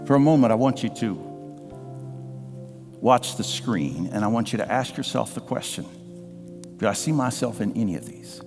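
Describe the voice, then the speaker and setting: A man preaching a sermon as pastor, telling a personal story with emotion and sometimes dropping to a hush. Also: mid-range voice, animated, normal speed, pauses often, music in the background. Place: church sanctuary. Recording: live church sound with long reverb. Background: band playing softly.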